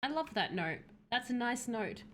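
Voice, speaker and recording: A woman giving animated, laughing commentary while streaming a horror game. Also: fairly high pitch, moderate pace. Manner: animated, laughs often, yelps and shrieks at scares. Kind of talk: casual gameplay commentary.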